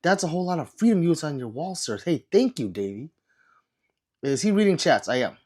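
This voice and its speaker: A man who is sick, chatting casually on a livestream and reading viewer comments aloud with low energy. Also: big pitch swings, brisk, a little mellow.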